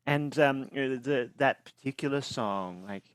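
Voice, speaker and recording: A young Australian man talks through his songwriting in an easy, reflective way, pausing and hunting for words as he goes. His voice sits at a middling pitch, recorded dry over a remote call. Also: clear, resonant tone, dry recording. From regional Australia. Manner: thoughtful, reflective, with fillers. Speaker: singer-songwriter guest. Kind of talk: relaxed interview talk.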